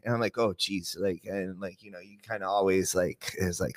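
A man's voice: fairly low pitch, normal speed, no echo, clean studio sound. A man who works at a dispensary, telling stories on a casual podcast and laughing often as he talks. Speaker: dispensary worker and show regular.

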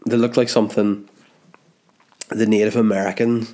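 A man with a Northern Irish accent from around Belfast, hosting a comedy podcast. His voice sits a little low and sounds stuffed up from a blocked nose. He rambles through his story with self-mocking asides. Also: little pitch movement, moderate pace, mellow. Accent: Northern Irish, Belfast area. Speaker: podcast host.

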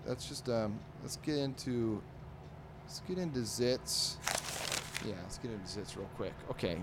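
A man's voice: mid-range voice, background noise. Rambling man reading comics aloud. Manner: rambling, amused, lots of fillers. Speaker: podcast host. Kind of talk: casual comic-strip read-aloud.

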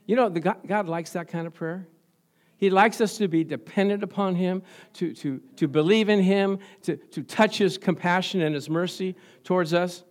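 High-voiced man preaching with fervor. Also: moderate pace. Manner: conversational, quizzes the congregation, laughs often; swings between soft asides and loud fervent emphasis. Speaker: pastor. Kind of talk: sermon.

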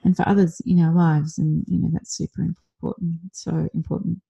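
A woman co-hosting a podcast who speaks softly and affirms what the other host says in a casual way. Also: on the low side, flat delivery, brisk, gravelly, husky, dull audio. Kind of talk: casual conversational podcast chat.

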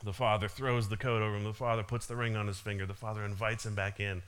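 A man's voice: fairly low pitch, level tone, fast talker, a bit bright, clear, resonant tone. A man giving a casual sermon, retelling a parable with frequent small laughs and restarts. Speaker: preacher.

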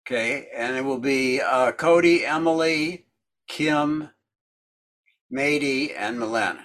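A man's voice: medium pitch, slow pace, fairly bright tone. Chatty man leading a video chat. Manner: chatty, rambling, lots of fillers. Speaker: discussion group leader. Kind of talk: casual group video chat.

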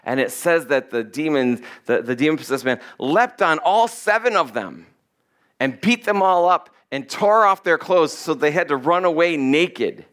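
A man's voice: a little high, lively intonation, moderate pace, a bit bright. A man preaching a conversational sermon, reading scripture and acting out quoted lines in voices. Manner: casual, acts out quotes in voices. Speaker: pastor.

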